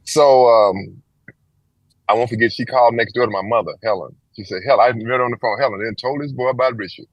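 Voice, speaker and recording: Speaking quickly, a man from Texas in his sixties recounts a lengthy story about his life during an interview, voicing each character with dramatic pitch leaps. There's no room sound, and the quality is lo-fi.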